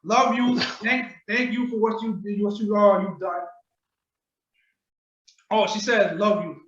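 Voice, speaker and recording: Male podcast host, high-pitched, slangy and animated, recorded distant in an echoey room over a video call. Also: slow pace, muffled recording. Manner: animated storytelling, acts out quotes, profane slang. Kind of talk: casual podcast commentary.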